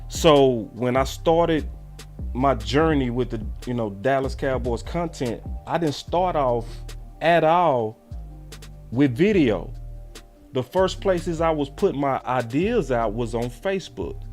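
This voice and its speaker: A man telling a story in a casual, animated way and acting out the voices of the people he quotes. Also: medium pitch. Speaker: sports show host.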